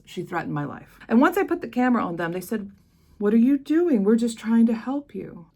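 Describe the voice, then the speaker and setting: A woman's voice: fairly low pitch, gravelly. An American woman vlogging with impassioned, emphatic force, telling a personal story straight to camera. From United States. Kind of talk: emotional personal monologue.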